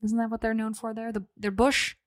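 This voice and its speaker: A woman's voice: on the high side, little pitch movement, a little fast, no room sound, studio quality. A young woman co-hosting a podcast in a chatty, laughing, self-deprecating way. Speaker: podcast co-host. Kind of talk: casual podcast chat.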